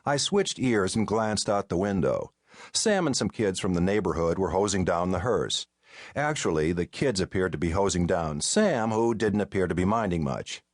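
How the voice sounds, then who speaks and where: A male audiobook narrator with a low-set voice tells a mystery in the first person, wry and deadpan. His pitch moves freely and expressively through the lines. He is close on a studio mic in a dry, dead room. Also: moderate pace, no echo.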